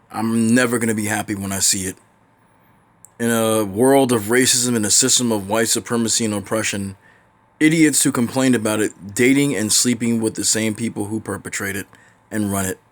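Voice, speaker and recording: A man's voice: lowish voice, normal speed. A man giving blunt, profane, opinionated reaction commentary in a ranting manner. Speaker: commentary vlogger.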